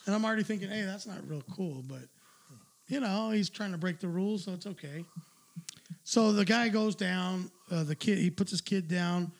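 On a talk show, a middle-aged man with a high voice spins a long, rambling story at a moderate pace. He swears freely in the casual chat and laughs at his own tale.

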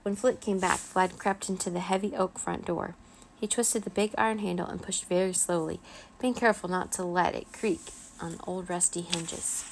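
A woman's voice: on the low side, creaky, slight background noise. Woman reading a bedtime story aloud. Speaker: children's story reader.

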